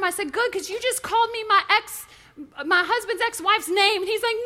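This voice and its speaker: Woman preacher, high ringing voice, lively storyteller. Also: fairly quick, slight background noise. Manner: animated, storytelling, impassioned. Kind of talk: sermon.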